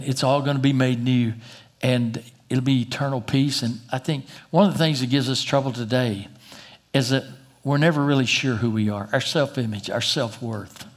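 Guy preaching, folksy and emphatic, takes slow dramatic pauses. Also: mid-range voice. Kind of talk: sermon.

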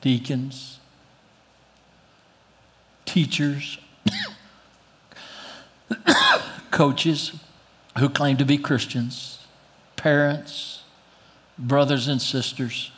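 A man preaching a sermon as pastor, reading scripture aloud and dropping low and slow to press his points, with an occasional cough. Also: wildly swooping pitch, a bit bright, slightly rough. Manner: reads scripture then drops low and slow for emphasis; coughs now and then.

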